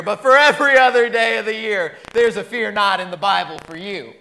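High, bright-voiced preacher man. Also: a little fast, creaky, hardly any pauses. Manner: animated storytelling with humor. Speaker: pastor. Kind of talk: sermon.

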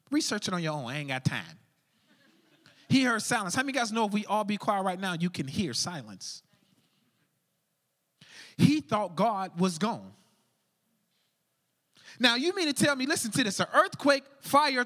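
High, bright-voiced preacher man, shouting. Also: normal speed, big-room sound. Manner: energetic, shouting and dropping to a hush, casual slang. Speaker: pastor. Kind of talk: sermon.

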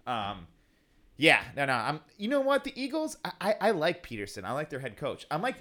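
Man, casual sports chat, excitable, animated pitch, laughs often. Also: a little fast. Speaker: podcast co-host.

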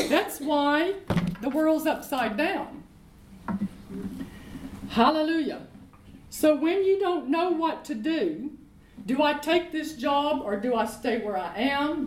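A woman's voice: high-pitched, darkish tone, echoey room, low-quality recording. A woman teaching from the Bible in an emphatic way, repeating her points and asking rhetorical questions. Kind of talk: teaching sermon in conversation.

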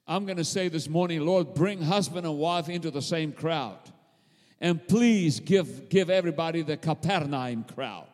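Fervent high-voiced male preacher. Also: moderate pace, a little mellow. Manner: fervent, repetitive preaching with call-and-response to the congregation. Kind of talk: sermon. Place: church sanctuary. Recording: long hall reverb.

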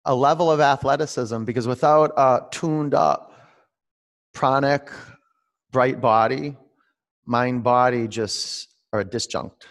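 Speaking slowly at a medium pitch, a male instructor guides a yoga class online. He alternates soothing, meditative coaching with straightforward cues and calls on participants by name.

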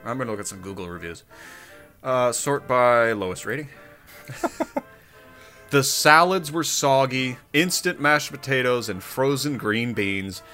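A man's voice: medium pitch, unhurried, long pauses, soft background music. A man co-hosting a casual history podcast, reading out reviews and quotes and joking along. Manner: lively, reads quotes aloud with a put-on voice and laughs. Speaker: podcast co-host.

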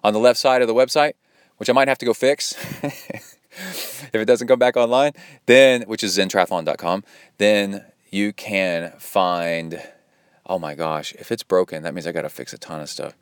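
A man's voice: lowish voice, normal speed, clean tone, no echo. Man, podcast host, casual rambling, upbeat, fillers, resonant voice, dead dry sound. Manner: rambling and upbeat, many fillers, mimics watch beeps. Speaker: podcast host and triathlon coach. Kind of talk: casual chat reading listener donations.

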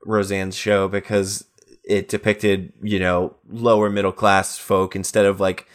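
A man in his thirties co-hosting a podcast in casual banter, jokey and quick to slip into goofy voices. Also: low-pitched. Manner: animated, jokey, breaks into goofy put-on voices. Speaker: podcast co-host.

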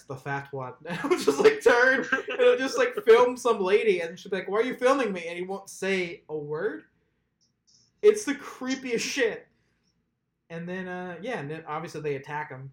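A podcast host telling a story in casual chat, laughing often and mimicking the people described. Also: medium pitch. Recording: roomy echo.

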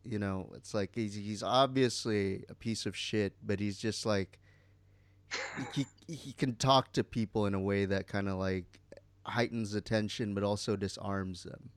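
A man's voice: on the low side, fairly even intonation, a little slow, clean tone, no echo. A man co-hosting a podcast in casual chat, rambling with many fillers and some swearing. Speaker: podcast co-host.

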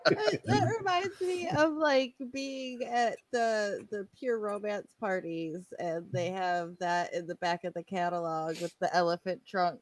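A woman's voice: medium pitch, unhurried, crowd noise. A woman in casual podcast chat who teases the others with playful questions.

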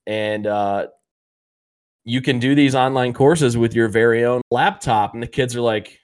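A man's voice: medium pitch, fairly even intonation, measured pace, clear, resonant tone. Male co-host, casual recap chat, acts out quotes, loose and rambling. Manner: rambling storyteller, acts out quotes, many fillers. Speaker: podcast co-host.

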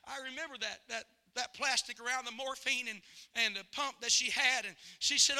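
Middle-aged male pastor, very high and piercing tone, storytelling sermon that swings from loud calls to hushed memories. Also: fairly even intonation, moderate pace. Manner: storytelling preacher, swings between loud exhortation and hushed recollection.

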